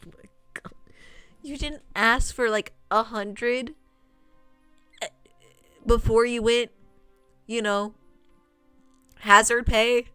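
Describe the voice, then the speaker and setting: A woman's voice: on the high side, steady tone, takes it slowly, pauses often, pushed and bright, clear, resonant tone, dry recording, faint music behind. Incredulous, laughing woman streamer. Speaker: streamer playing a visual novel. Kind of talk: casual gameplay commentary.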